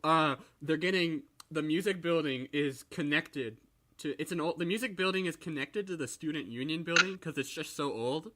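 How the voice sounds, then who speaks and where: A young man on a podcast, casually chatting in a halting way with frequent restarts. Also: fairly high pitch, pushed and bright, a little hiss or hum. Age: young adult. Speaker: podcast co-host, college student. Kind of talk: casual chat.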